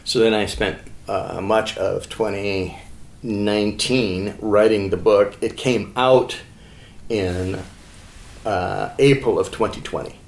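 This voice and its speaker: A man's voice: on the low side, fairly even intonation, slow, gravelly, reverberant. A man talking casually as a guest, telling a long story with many fillers and acting out quoted dialogue. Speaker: guest, author and ministry founder.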